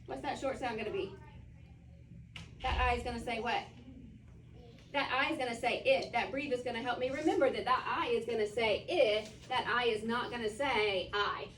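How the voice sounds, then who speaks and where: A woman teaching a first grade phonics lesson, asking her class questions and slowly sounding out letters. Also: on the high side, a bit bright, a little hiss or hum. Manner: call-and-response questioning, drawn-out sounding out. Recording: echoey classroom from far off.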